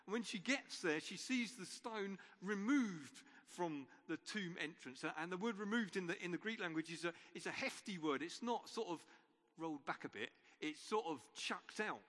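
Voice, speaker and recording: A man's voice: high voice, fairly bright tone. A man preacher giving an Easter sermon in an informal storytelling way, with wry asides. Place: church. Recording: long reverb of a church.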